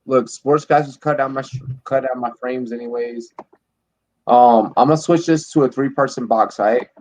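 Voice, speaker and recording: A man hosting a casual late-night live stream, drinking and telling rambling, profane, animated stories. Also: medium pitch, moderate pace. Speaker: podcast host. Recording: dull lo-fi stream audio.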